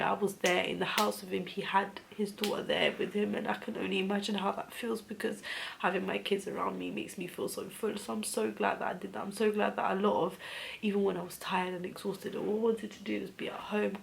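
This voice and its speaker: A woman in her thirties shares a deeply personal story of grief for her vlog. Her voice is heavily gravelly with fry and often slips into soft, breathy near-whispers. Faint ambient noise sits behind her. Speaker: vlogger.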